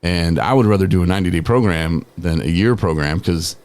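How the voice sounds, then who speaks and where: Speaking a little fast in a low, darkish voice, a podcast host in his forties recounts a personal story. He's casual and conversational, laughing as he goes and peppering his talk with fillers like "man" and "you know."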